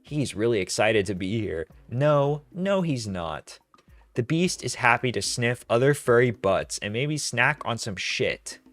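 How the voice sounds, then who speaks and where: A man's voice: medium pitch, expressive, measured pace, a bit bright, no echo, soft background music. Young man, commentary host, sarcastic, exasperated, dry close sound. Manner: sarcastic, exasperated, lots of fillers. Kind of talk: casual commentary.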